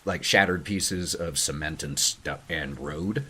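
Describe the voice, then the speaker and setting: A man running a tabletop horror game as game master, giving measured, descriptive narration with casual asides. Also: extremely low pitch, pushed and bright, husky.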